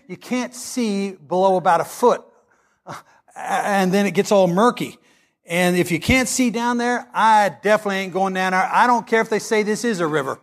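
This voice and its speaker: A male pastor preaching a sermon, telling stories in a folksy, emphatic way. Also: high voice. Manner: animated storytelling, folksy and emphatic.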